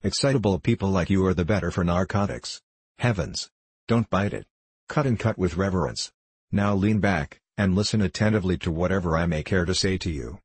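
A man voicing a booming, arrogant older professor who lectures pompously in an audiobook reading. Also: fairly quick, breathy edge, no room sound. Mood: condescending.

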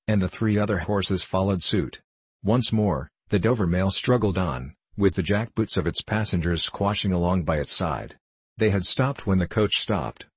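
A man reads a classic novel aloud in a measured, even manner. His voice is deep and a little husky. The recording is dry and close. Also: dry recording. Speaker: audiobook narrator. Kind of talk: scripted classic novel narration.

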